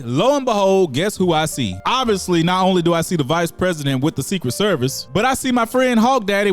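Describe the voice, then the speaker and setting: A man speaking tells his story casually, cursing freely and jumping into quick impressions of the people in it. His voice sits a bit high for a man. Faint music runs under the talk. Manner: profane, animated, acts out quotes. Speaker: storyteller vlogger.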